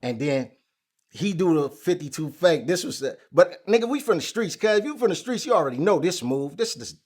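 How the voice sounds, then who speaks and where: A man as an interview guest, telling a story in casual chat, animated and full of street slang. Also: a little high, a little fast, husky. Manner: animated, acts out quoted lines loudly, heavy street slang.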